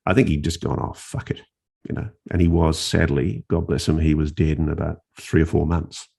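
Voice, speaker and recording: Deep gravelly man telling a story. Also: a little fast. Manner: animated, repeats words and restarts phrases. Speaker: investigative journalist, interview guest. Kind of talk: conversational storytelling.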